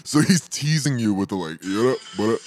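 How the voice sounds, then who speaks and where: A man's voice: fairly low pitch, lively intonation, moderate pace, over music. A man co-hosting a podcast in loose, profane banter, often breaking into laughter. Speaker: podcast co-host. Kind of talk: casual chat.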